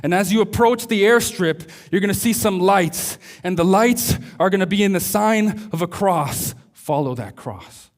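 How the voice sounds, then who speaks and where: A steady male emergency controller on the radio, firm and insistent, repeating his orders, as a preacher acts him out. The voice sits high for a man, and the lines are spoken with deliberate weight. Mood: commanding.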